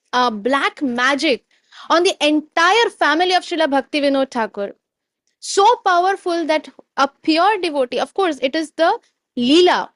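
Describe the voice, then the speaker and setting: A woman tells a devotional story in a lively way, wandering off now and then and pausing to hunt for a word. Her voice is high, and it sounds close and dry in a quiet room. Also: no echo. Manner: animated, digressive, searches for words.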